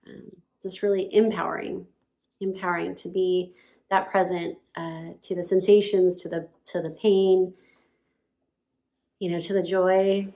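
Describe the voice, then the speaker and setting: A woman's voice: lowish voice, flat delivery, a little slow, dark tone. A woman casually telling her birth story while nursing her baby at home, chatty and full of "like" and laughs. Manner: chatty, lots of "like", laughs often.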